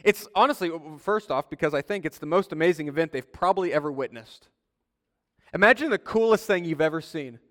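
A man's voice: fairly high pitch, animated, a little fast, fairly bright tone. Man preaching in a reverberant hall. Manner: conversational storytelling, acts out quoted voices. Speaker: pastor. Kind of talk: sermon.

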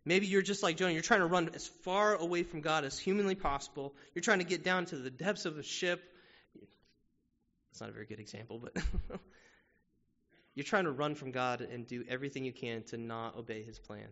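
Preaching in the sanctuary, this man speaks fairly high and fairly quick, his voice pushed and bright. He keeps the sermon conversational, often posing rhetorical questions to the congregation, while the audio comes through muffled under a long hall echo.

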